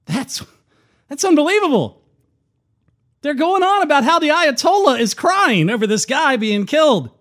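A man's voice: very high voice, fairly bright tone. A man hosting a political talk show, reading news quotes aloud and reacting with opinionated commentary. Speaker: host.

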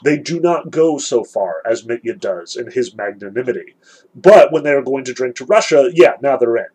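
A man's voice: mid-range voice, lively intonation, normal speed, a little mellow, breathy edge, low-quality recording. A man giving an earnest literature lecture, reading passages and analyzing them, emphatic with frequent restarts.

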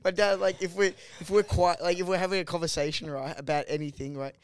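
A young man, a podcast co-host, hesitant at first, then animated when telling a story. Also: high voice, fast talker, clear, resonant tone, no room sound. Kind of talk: casual chat.

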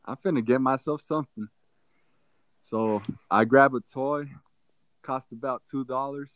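A young man on a podcast telling a funny personal story in a casual, animated way, acting out what people said. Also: medium pitch, no room sound. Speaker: podcast co-host. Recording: dull, dry sound.

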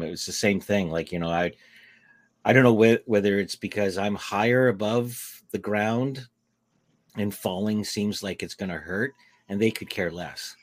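A man's voice: fairly low pitch, no room sound. Canadian guy joking around on a podcast, dry close sound. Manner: friendly, joking, restarts words. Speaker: podcast co-host. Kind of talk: casual chat.

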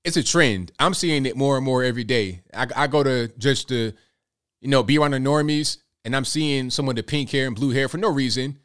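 A man's voice: medium pitch, a little fast, fairly bright tone, smooth. A young man hosting a reaction commentary, talking bluntly and repeating himself in a conversational way. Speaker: commentary host.

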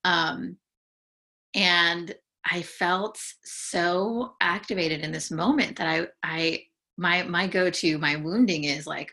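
Woman, podcast guest, low-pitched, forceful bright tone, halting, emotional. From San Francisco Bay Area. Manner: halting and emotional, frequent restarts. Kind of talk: candid conversational sharing.

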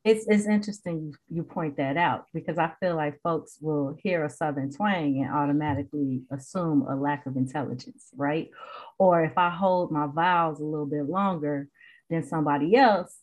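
A woman from Chicago, a podcast guest in casual conversation, animated and quick to laugh. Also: sits low.

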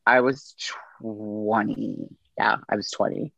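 Middle-aged man, gravelly, easygoing storyteller, dull dry recording. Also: on the low side, takes it slowly, no room sound. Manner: relaxed anecdotal delivery with quoted dialogue. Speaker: podcast guest, army veteran. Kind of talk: casual storytelling.

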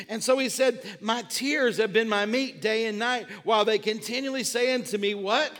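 A male pastor preaching a sermon with passion, repeating refrains and building up to shouts. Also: very high voice, moderate pace, in a large hall. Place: church sanctuary.

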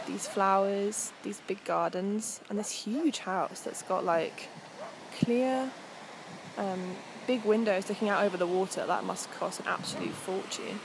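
A woman's voice: mid-range voice, unhurried, creaky, background noise. A young woman hosting a walk, narrating casually outdoors on a coastal path in a chatty, meandering way with frequent ums. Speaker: host. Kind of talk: casual narration while walking.

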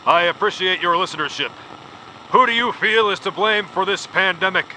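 A man's voice: high-pitched, normal speed, pushed and bright, slight background noise, rough recording. A man playing a pompous, rotund male talk-radio host who takes calls in long-winded formal phrasing.

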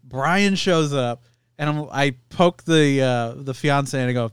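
Smooth-voiced joking podcast guy. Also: mid-range voice, a little slow, dry recording, studio quality. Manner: joking, laughing a lot. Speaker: podcast co-host. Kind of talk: casual chat.

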